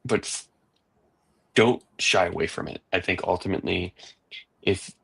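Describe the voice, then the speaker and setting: Deep, gravelly, husky-voiced man. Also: moderate pace, fairly bright tone. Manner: rambling, repeats words while thinking. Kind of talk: casual podcast chat.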